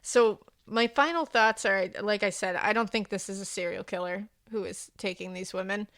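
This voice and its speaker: A woman co-hosting a true-crime podcast in casual chat, blunt and quick to swear, laughing often. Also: mid-range voice, fairly bright tone, no echo, studio quality. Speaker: podcast co-host.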